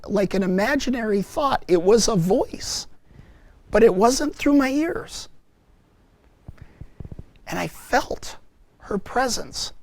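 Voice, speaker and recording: Speaking to a parents group in a high-sitting voice, a man gives a personal testimony, telling his story earnestly and reflectively with halting restarts.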